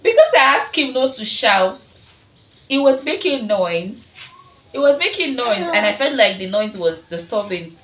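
Husky Nigerian mom chatting to camera. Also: female voice, medium pitch, lively intonation, a little slow, a little hiss or hum. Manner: chatty, breaks off to coax and instruct her toddler. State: hoarse after a sore throat. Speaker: family vlogger and mother. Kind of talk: casual chat to camera. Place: at home indoors. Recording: background music under the voice.

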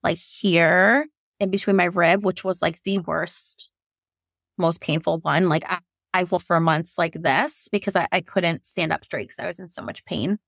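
A woman's voice: lowish voice, fairly even intonation, normal speed, creaky, a bit bright, dry recording, studio quality. A woman guest frankly telling a painful personal story, emotional and laughing through hard moments. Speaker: guest sharing her birth story.

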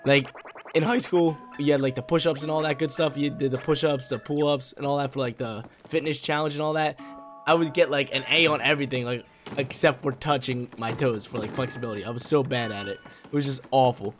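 A young man, a little hoarse, giving laid-back, slangy gameplay commentary with excitable bursts. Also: medium pitch, fairly quick, soft background music.

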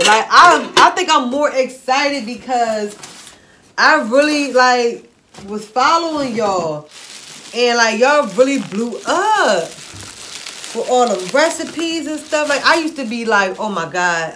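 A woman vlogger chatting excitedly through a shopping haul, gushing and repeating herself with delight. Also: on the high side, slight background noise. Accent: Philadelphia-area African American English. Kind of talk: excited haul video chat.

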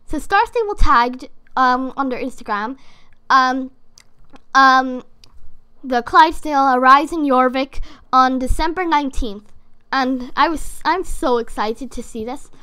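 A woman hosting a casual reaction video as a gaming YouTuber, excitable and rambling with lots of fillers. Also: sits high, measured pace, clear, resonant tone.

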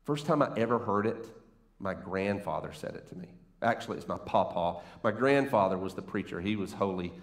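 A man's voice: on the low side, animated, brisk. A man preaching a sermon from a church stage, playful and conversational, teasing the congregation as he talks. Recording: roomy church echo.

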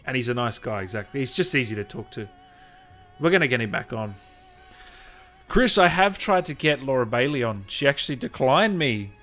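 A man's voice: medium pitch, lively intonation, moderate pace, a bit bright, soft background music. A man hosting a livestream, upbeat and chatty, thanking viewers by name. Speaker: host. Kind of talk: livestream chat.

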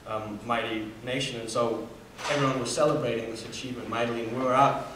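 This fast-talking man in his 20s, from Namibia, gives a personal story talk as an earnest student speaker, his mid-range voice fairly even in intonation, with fillers and restarts. He was recorded from a distance in a very reverberant hall with faint room hum.

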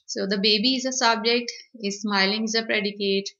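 A woman's voice: medium pitch, fairly even intonation, fairly quick, pushed and bright. A woman teaching a grammar lecture, explaining step by step and repeating her points. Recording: dull lo-fi recording.

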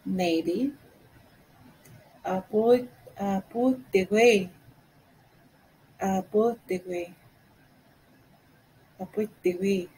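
A woman giving a language lesson, saying each phrase slowly and repeating it for learners. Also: mid-range voice, warm tone, husky, low-quality recording. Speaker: Cree language teacher.

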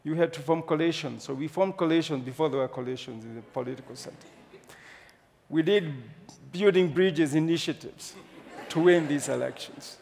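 Kenyan male speaker, lively comic storyteller, slightly high voice with a touch of fry. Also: moderate pace. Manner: humorous, animated storyteller. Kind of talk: storytelling talk on stage. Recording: long hall reverb.

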